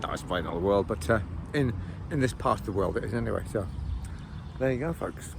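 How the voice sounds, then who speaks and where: A man's voice: on the low side, expressive, fast, gravelly, background noise. A Scottish man in his fifties, rambling casually to camera as a vlogger and often digressing. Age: 50s. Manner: rambling, digressive, keeps calling viewers "folks".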